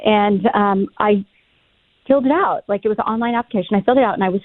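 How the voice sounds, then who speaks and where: A middle-aged woman telling stories as a podcast guest in an animated, casual way, cursing freely. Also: medium pitch, fast talker, no room sound. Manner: animated, swears freely, acts out her own past lines. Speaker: podcast guest, reality TV cast member. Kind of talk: casual storytelling chat. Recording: tinny phone-like line, dry.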